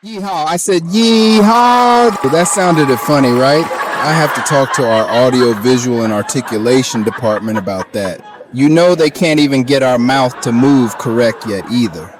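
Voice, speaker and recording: Laughing young cowboy comic, noisy background. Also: male voice, medium pitch, normal speed, few pauses. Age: young adult. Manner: folksy cowboy talk, laughing through punchlines. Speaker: stand-up comedian. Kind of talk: comic stand-up monologue.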